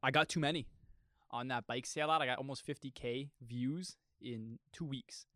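A man's voice: mid-range voice, steady tone, moderate pace, pushed and bright, dry recording, studio quality. A young man chatting on a podcast, laid-back and telling stories, dropping "bro" often. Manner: laid-back, storytelling, says "bro" a lot. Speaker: podcast co-host. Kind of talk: casual chat. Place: podcast studio.

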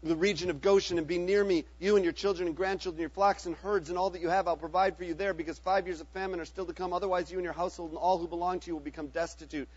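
A man's voice: high-pitched, fairly even intonation, racing, few pauses, highs cut off. Joseph, a man reading as a grave ruler. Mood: earnest. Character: Joseph, a powerful ruler revealing himself to his brothers.

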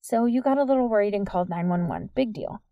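A woman reading the part of a blunt, skeptical teenage girl with a brisk, dismissive way of talking. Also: medium pitch, animated, no room sound, muffled recording, close to an everyday voice.

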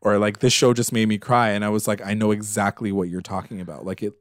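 A man's voice: lowish voice, quick pace, dry recording, studio quality. A man co-hosting a podcast, chatting casually as he recaps a TV episode, with lots of fillers and emotional retelling. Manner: animated, filler-heavy, retells scenes with emotion. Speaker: podcast co-host.

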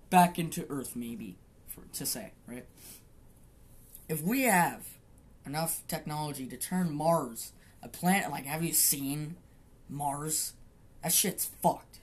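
A woman's voice: low voice, slow, breathy edge. A woman hosting a solo podcast, rambling casually and swearing, with frequent laughter. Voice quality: profane, rambling, laughs often. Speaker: podcast host.

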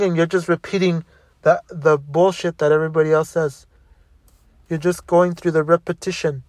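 A man's voice: a little high, steady tone, moderate pace, darkish tone, no room sound. A young man telling a personal story in a bitter, profane monologue, rambling and restarting often.

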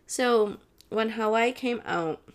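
A woman's voice: on the high side, slow. A young woman hosting a casual solo podcast, chatty and blunt, and she swears freely. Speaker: podcast host.

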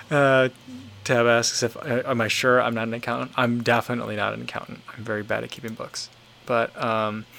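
A man with an ordinary mid-pitched voice hosts a casual livestream. He reads viewer comments aloud and rambles through his replies, full of fillers and restarts as he works out what he thinks. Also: vocal fry, a bit bright. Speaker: livestream host reading chat.

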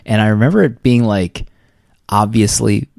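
A man's voice: on the low side, normal speed, gravelly, a little mellow, no echo, clean studio sound. A young man co-hosting a casual movie podcast, talking in a laid-back, rambling way and chuckling often. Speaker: podcast co-host. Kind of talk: casual movie review chat.

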